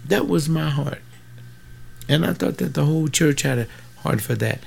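A man's voice: on the high side, normal speed, creaky, darkish tone, breathy edge. A man in his seventies preaching in an informal, rambling way, fervent, with folksy asides and sudden bursts of emphasis. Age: 70s.

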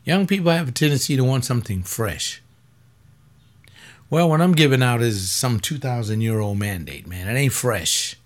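A man who is a pastor giving webcast commentary, rambling and conversational with blunt rhetorical questions, tired and aching, sometimes dropping low and quiet and then rising sharply when he argues. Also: animated, normal speed. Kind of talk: webcast commentary reading and answering a paper.

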